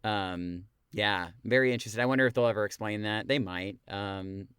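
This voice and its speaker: A man's voice: fairly low pitch, normal speed, a bit bright, smooth, no echo, studio quality. A man co-hosting a podcast in casual chat, rambling with many filler words. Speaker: podcast co-host.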